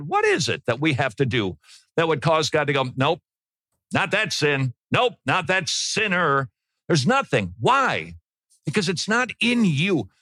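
Male preacher, emphatic sermon delivery, voice swinging high and low, dry close sound. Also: fairly bright tone, no room sound. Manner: emphatic, repeats key phrases. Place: church before a congregation.

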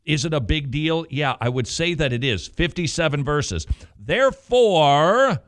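A man's voice: on the high side, moderate pace. A man hosting a Christian radio talk show, chatting casually and drifting into passionate preaching. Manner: animated, teasing, slips into sermon cadence.

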